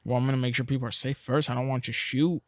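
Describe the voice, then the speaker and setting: A man's voice: medium pitch, rapid-fire, no echo, clean studio sound. A man co-hosting a podcast, chatting casually, cursing often and acting out voices when he retells things. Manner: loud, profane, animated when retelling, does voices of others. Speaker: podcast co-host. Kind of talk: casual chat.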